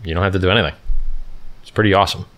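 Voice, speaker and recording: A man's voice: deep voice, fairly even intonation, racing, a bit bright. A middle-aged man hosting a livestream, reading out and answering chat questions in a blunt, offhand, casual way. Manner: blunt, offhand, lots of "like" and "dude".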